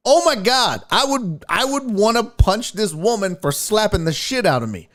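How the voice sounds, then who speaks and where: A man hosting a sports show, casually breaking down a video clip in animated, profane commentary. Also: sits high, normal speed.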